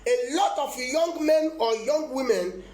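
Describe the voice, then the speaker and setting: Male prophet preaching, live-streamed sermon, emphatic, repetitive, high voice. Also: animated, unhurried, darkish tone, reverberant. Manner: emphatic, repetitive, breaks into laughter.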